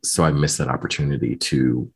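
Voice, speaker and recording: A man with a very low, husky voice tells his own story in an interview. He talks casually and keeps quoting what others said to him. His tone is low and rough at the edges. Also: fairly quick. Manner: animated retelling, voicing others in quotes. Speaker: guest.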